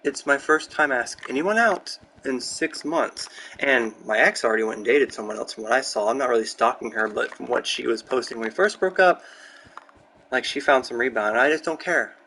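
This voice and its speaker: Young man, casual gaming chat, rambling and excitable, mid-pitched voice, close mic, faint background hiss. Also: fairly quick, rough recording. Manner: rambling, candid, excitable storytelling. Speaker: gaming streamer. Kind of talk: casual chat while building in a game. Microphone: close desk mic.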